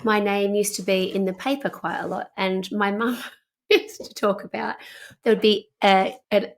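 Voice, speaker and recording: A woman's voice: medium pitch, fairly even intonation, vocal fry. Woman chatting on a podcast. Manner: quick reactions and laughs. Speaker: podcast co-host. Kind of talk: casual chat.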